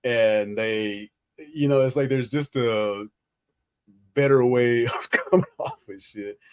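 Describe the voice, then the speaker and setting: A man's voice: medium pitch, slow pace, darkish tone, clear, resonant tone. A man in his forties hosting a casual podcast. He talks in a loose, rambling way, swears freely and breaks into laughter often. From United States. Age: 40s. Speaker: podcast host. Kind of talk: casual chat.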